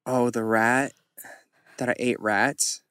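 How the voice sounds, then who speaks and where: A man's voice: mid-range voice, fairly even intonation, slow pace, fairly bright tone, clean tone, dry recording, clean studio sound. A man in his thirties hosting a podcast, telling stories in a chatty way and laughing often. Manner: chatty, laughs often, shifts into quoted voices. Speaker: podcast host. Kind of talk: casual storytelling chat.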